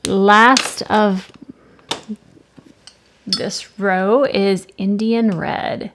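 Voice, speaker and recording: Swatching paints at her desk, an art-channel host talks in a relaxed, meandering way, musing aloud and catching her own slips. She speaks very slowly in a steady, mid-range voice, with faint background noise and clicks audible.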